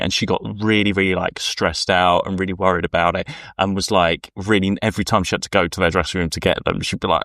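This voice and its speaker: A man with a low, fairly bright voice talks a little fast in a steady tone while co-hosting a podcast. His casual chat meanders through anecdotes, and he acts out the people he quotes. Dry recording, clean studio sound.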